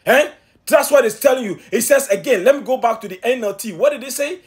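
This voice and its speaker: High-voiced emphatic male preacher. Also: fast. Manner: emphatic, repeats words, calls listeners "family", asks rhetorical questions; stammering restarts when excited. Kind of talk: impassioned sermon commentary.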